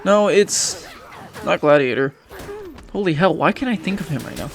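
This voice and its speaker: A young gaming YouTuber gives frustrated, profane commentary in a fairly high, expressive voice at normal speed, often restarting his sentences.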